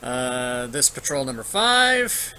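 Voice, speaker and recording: A man narrates monster moves as dungeon master in a casual, thinking-aloud way. His voice is bright and forward. Faint noise sits under the recording. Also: medium pitch, very animated, takes it slowly, poor audio. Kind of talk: narrating a tabletop game online.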